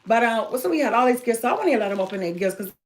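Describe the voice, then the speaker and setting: Brief: woman, slightly high voice, emphatic rambling storyteller, casual chat. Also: expressive, rapid-fire. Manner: emphatic, tumbling run-on storytelling. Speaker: parent telling her story to viewers.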